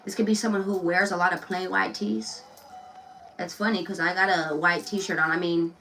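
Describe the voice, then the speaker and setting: A woman's voice: on the low side, fairly even intonation, normal speed, pushed and bright, far from the mic, poor audio. Chatty, blunt woman reading tarot. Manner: loose, chatty and blunt, swears freely, laughs often. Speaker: tarot reader.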